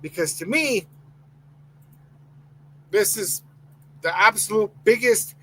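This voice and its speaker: High-voiced heated podcast host. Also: male voice, measured pace, long pauses, sharp tone, a little hiss or hum, poor audio. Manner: heated, exclaiming, reads chat comments aloud. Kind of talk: live-stream sports podcast rant.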